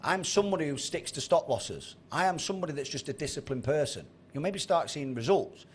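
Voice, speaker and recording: A man's voice: a little high, expressive, brisk, few pauses, husky. A man in his thirties giving a blunt, sweary motivational talk to a trading group on a video call. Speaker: trading mentor.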